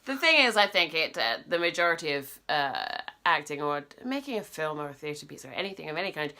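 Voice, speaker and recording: A woman's voice: low-pitched, big pitch swings, brisk, sharp tone. A young woman from the West Country with a Somerset accent, chatting casually as a vlog co-host. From West Country, England. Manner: chatty, rambling with fillers. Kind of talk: casual chat.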